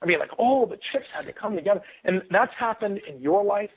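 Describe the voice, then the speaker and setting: Excitable guy rambling on a tinny phone call, kinda high and husky. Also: a little fast. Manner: excitable, rambling, frequent restarts and fillers. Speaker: guest author. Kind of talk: casual storytelling on a call-in radio show.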